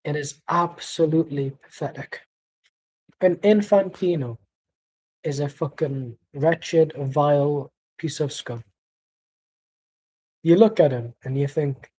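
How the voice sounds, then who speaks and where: A man ranting through a live football watchalong, swearing often and turning every remark sarcastic. His voice sits a little high for a man but sounds mellow and dark. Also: takes it slowly, pauses often, breathy edge, dull audio. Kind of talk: live match commentary and rant.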